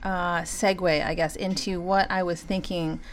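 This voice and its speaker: A woman's voice: fairly low pitch, level tone, measured pace, slight background noise. A woman hosting a solo talk, speaking earnestly and conversationally about compassion and spiritual growth, often saying "you know" and breaking into laughter. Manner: many "you know" fillers.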